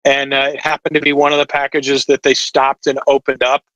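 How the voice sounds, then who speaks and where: A man's voice: medium pitch, completely flat delivery, brisk, bright, forceful tone, no echo, dull audio. A man talking as a podcast guest over a video call, explaining at length with lots of fillers. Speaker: watch distributor guest. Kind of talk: casual podcast chat.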